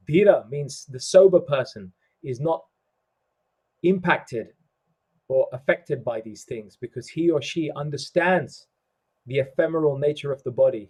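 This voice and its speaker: A man hosting an online summit on a video call, speaking in a slow, measured way and quoting scripture. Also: on the high side, warm tone, husky. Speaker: summit host. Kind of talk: reflective online talk. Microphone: home computer mic on a video call.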